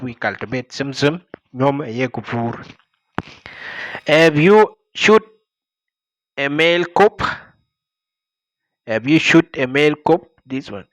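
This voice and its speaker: A man's voice: mid-range voice, no echo. A man with a Dinka accent teaching a language lesson, repeating each phrase and explaining it word by word.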